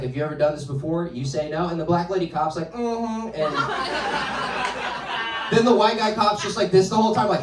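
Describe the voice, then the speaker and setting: A young man doing stand-up in a club, his slightly high voice carrying through a roomy space. Loud laughter from the crowd keeps breaking in. He rambles in a self-deprecating way and acts out the voices he quotes. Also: distant mic. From North Carolina, USA. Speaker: stand-up comedian. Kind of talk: stand-up comedy set. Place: comedy club with a laughing audience.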